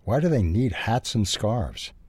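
A man voicing a female mother hummingbird in a storybook, speaking in a hurried hiss. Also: on the low side, sing-song, a little mellow, slightly rough, no echo, full character voice. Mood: hushed. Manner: hissed, hurried. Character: busy mother hummingbird, female, hushed and sharp.

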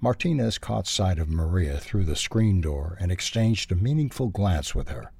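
Husky-voiced man reading a children's story. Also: deep voice, normal speed, dry recording. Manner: expressive, lively read-aloud.

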